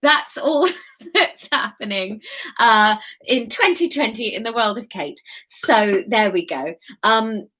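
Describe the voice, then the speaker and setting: A woman's voice: a little high, lively intonation, slow, sharp tone. A woman reading her own book aloud, breaking off into giggly, self-mocking asides. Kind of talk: casual read-aloud livestream.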